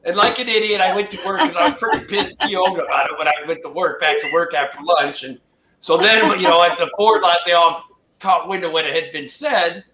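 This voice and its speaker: A man's voice: sits high, a little fast, roomy sound, a loud crowd, rough recording. A man casually telling a funny story on a livestream, acting out the people he quotes. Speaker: guest storyteller.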